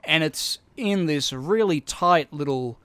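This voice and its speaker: A man's voice: on the high side, lively intonation, takes it slowly, a bit bright, smooth, no echo. A man co-hosting a casual podcast, rambling through stories with plenty of swearing. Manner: rambling storyteller, swears a lot. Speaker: podcast co-host.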